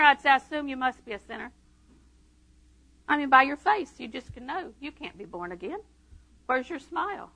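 A woman preaching a sermon, telling stories with humor and swinging between quiet asides and loud proclamation. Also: sits high, expressive, normal speed, rough recording. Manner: humorous, conversational.

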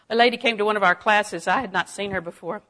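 A woman's voice: mid-range voice, a bit bright. A woman teaching a Bible lesson in sermon style, telling personal stories and driving home her points with emphatic declarations. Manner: emphatic, storytelling, rising to strong declarations.

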